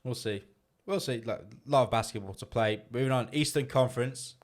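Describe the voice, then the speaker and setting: A man's voice: mid-range voice, normal speed. An Australian man co-hosting a podcast, steering a laid-back basketball chat from one topic to the next. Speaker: podcast co-host. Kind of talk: casual sports chat.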